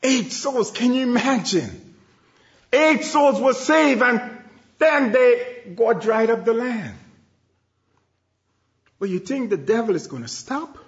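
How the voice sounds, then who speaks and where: A man with a very high, bright voice preaches slowly and emphatically, swelling into shouts. The sound is echoey and a little dull and lo-fi. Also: lively intonation. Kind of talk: sermon.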